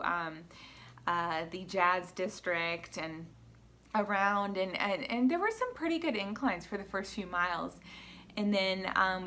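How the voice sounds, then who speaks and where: A woman's voice: medium pitch, a bit bright, a little hiss or hum. An adult woman with a school-age daughter, recapping a race in a casual personal vlog, earnest and emotional, with many fillers as she tells her story. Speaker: vlogger.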